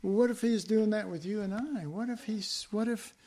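A man preaching a sermon, swinging from hushed whispers to loud emphasis, with folksy, chuckling asides. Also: high-pitched, normal speed.

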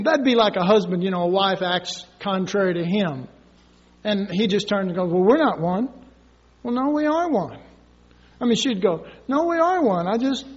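Male preacher, very high voice, lively sermon delivery, dull recording with long reverb. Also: breathy edge. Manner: animated, acts out quoted voices with sudden high cries. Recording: dull echoey recording from far off.

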